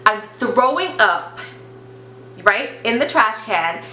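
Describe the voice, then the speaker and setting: A young woman vlogger telling a storytime in casual chat, with constant "like" fillers and an animated retelling. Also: fairly high pitch, slow pace, a little hiss or hum. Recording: echoey room.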